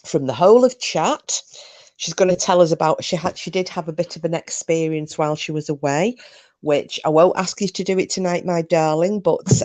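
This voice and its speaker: A woman's voice: low voice, warm tone. A middle-aged woman hosting a live stream, chatting casually to her viewers and laughing often between remarks. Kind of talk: casual chat to a live chat audience.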